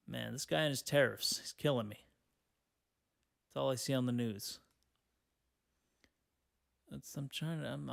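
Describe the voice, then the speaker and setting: A young man hosts a solo podcast in a casual, unscripted way. He reads headlines aloud, then answers them with profane, sarcastic, rambling comments, and his voice sits at an ordinary middle pitch for a man. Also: gravelly. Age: young adult. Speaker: podcast host.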